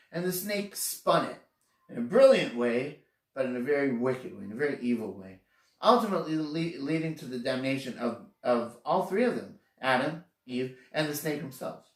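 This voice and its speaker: A man giving an earnest, explanatory sermon on the weekly Torah portion, often restarting phrases and leaning hard on single words. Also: medium pitch. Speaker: Torah teacher. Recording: echoey room, voice from far off mic.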